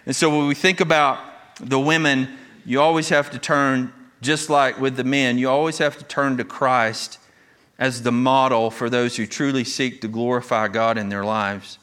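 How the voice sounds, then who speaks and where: Bright-voiced man preaching a sermon. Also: medium pitch, fairly even intonation, moderate pace. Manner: earnest, emphatic preaching with repeated restarts. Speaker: pastor.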